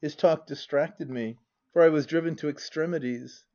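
Man reading a classic novel, dull sound. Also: on the high side. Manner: even, measured first-person reading. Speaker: audiobook narrator. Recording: dull lo-fi audiobook recording.

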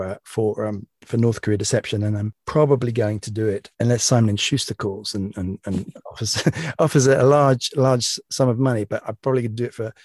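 A man's voice: darkish tone, no room sound, studio quality. Chatty British man with many restarts. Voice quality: young, slightly higher pitched voice. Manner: rambling, many restarts and repeated words. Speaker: author and guest. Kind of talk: casual interview chat.

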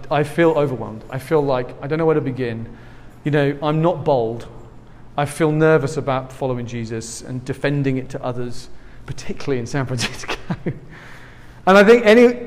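A man's voice: a little high, darkish tone. A man with an English accent preaching a sermon through a face mask, earnest and conversational, with asides and light laughs. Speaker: pastor. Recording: long reverb of a large hall.

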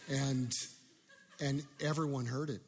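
A man's voice: medium pitch, steady tone, slow pace, breathy edge, in a large hall. A man preaching a sermon, telling a personal story in a self-deprecating way with many restarts.

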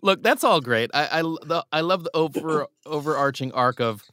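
A man hosting a show, chatting with a guest in an upbeat, halting way. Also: on the high side, lively intonation, pushed and bright. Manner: upbeat, halting, laughs along. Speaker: radio show host. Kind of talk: casual interview chat.

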